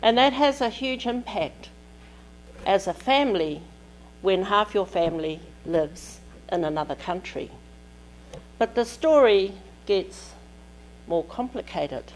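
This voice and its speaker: A woman delivers a conference keynote in a lecture hall. She speaks slowly and deliberately, in short measured phrases. Her voice sits at an ordinary middle pitch. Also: expressive, slight background noise. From New Zealand.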